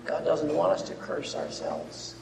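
Brief: male preacher, sermon delivery, high voice, loud readings dropping to hushed asides, long hall reverb. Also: huge pitch swings, a little slow, vocal fry, background noise. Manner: swings between loud emphatic reading and quiet asides.

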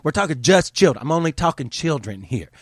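A man's voice: on the high side, sing-song, brisk, dry recording, studio quality. A man hosting a show, ranting in a heated, profane, exasperated way. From United States. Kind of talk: angry opinion rant.

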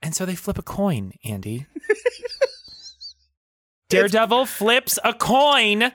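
Animated bright-voiced podcast co-host. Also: male voice, high voice, slow, a little hiss or hum. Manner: laughing, joking, acts out comic characters' lines. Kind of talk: casual chat.

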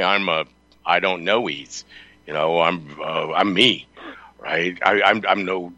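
Bright-voiced talk radio host, dry mic. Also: male voice, low voice, dry recording, highs cut off. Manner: rambling, laughs often, sarcastic. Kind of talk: casual political talk radio. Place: radio studio. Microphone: close studio mic.

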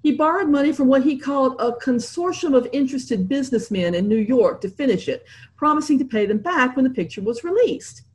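A woman's voice: high voice, animated, fairly quick, pitched above the performer's own voice. A woman voicing a breezy, modest young actress who talks lightly. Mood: anxious.

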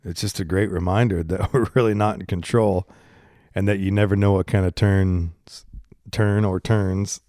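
A man with a low, slightly congested voice hosts a casual solo podcast from his garage. He rambles candidly and pokes fun at himself, holding the microphone close in his hand. The sound is close and dry, with no room around it. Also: steady tone, moderate pace, warm tone, no room sound. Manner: rambling, candid and self-deprecating. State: congested, coughing and burping. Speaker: podcast host. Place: home garage. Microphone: handheld microphone.

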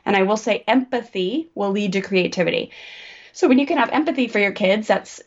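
A woman parenting coach, a podcast guest, explaining advice in a casual, animated way and acting out what a parent might say. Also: medium pitch, fairly quick, highs cut off. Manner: animated, acts out lines to children.

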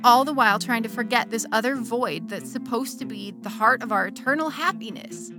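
A woman's voice: a little high, a little fast, music in the background, lightly acted. An actress playing a middle-aged churchgoing wife who confesses an affair to her bishop, wry and candid, with sudden bursts of feeling. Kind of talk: dramatic monologue.

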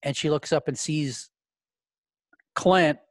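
A man's voice: fairly high pitch, takes it slowly, no room sound. A man narrating a tabletop role-play game as game master, rambling with repeated words and casual swearing.

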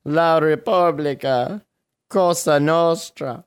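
A man co-hosting a comedy podcast reads odd news headlines aloud, tossing in crude, sarcastic asides in a jokey, casual comedic chat. His voice is on the high side, slow, and clean in tone.

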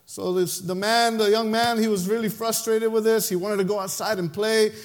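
A man's voice: high-pitched, steady tone, moderate pace. A male pastor preaching a sermon and telling a story, with emphatic, impassioned delivery.

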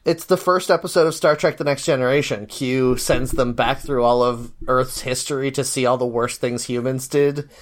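Brief: male podcast co-host, excitable, laughs easily, mid-pitched voice. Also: moderate pace, hardly any pauses. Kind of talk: casual chat.

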